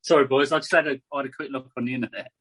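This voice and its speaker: A man's voice: mid-range voice, steady tone, very fast, fairly bright tone, slightly rough. A man co-hosting a podcast in casual chat, easygoing and agreeable. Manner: easygoing, agreeable, backs others up. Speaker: podcast co-host.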